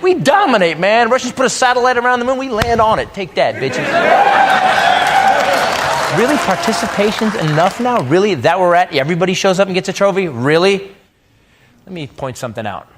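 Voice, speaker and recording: A man's voice: high voice, lively intonation, a little fast, slight background noise. A middle-aged man from the United States doing a stand-up comedy set on a club stage, brash and ranting with crude punchlines. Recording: live club recording with loud crowd laughter.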